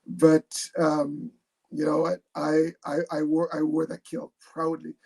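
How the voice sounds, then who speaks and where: Husky gravelly man, hesitant storyteller. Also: fairly high pitch, unhurried. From born in England, raised in Jamaica. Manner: hesitant, repeats words, relaxed storytelling. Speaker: guest, retired army captain. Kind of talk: video call interview.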